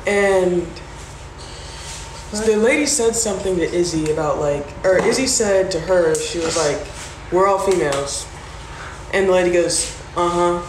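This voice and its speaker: A woman's voice: on the low side, moderate pace, a little mellow. A woman on a phone livestream, casually telling a story, acting out the voices of the people in it and swearing freely. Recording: roomy with background noise.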